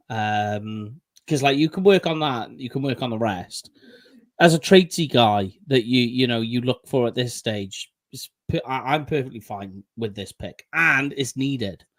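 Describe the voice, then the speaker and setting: A man with a Welsh accent co-hosting a casual fan podcast, quick and cheeky as he winds up his friends. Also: mid-range voice, expressive. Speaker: podcast co-host.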